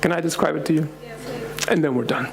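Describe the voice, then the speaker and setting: Middle-aged male pastor, animated storyteller with a fairly high voice who laughs as he acts out voices. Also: fast talker, creaky. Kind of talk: storytelling sermon to young adults.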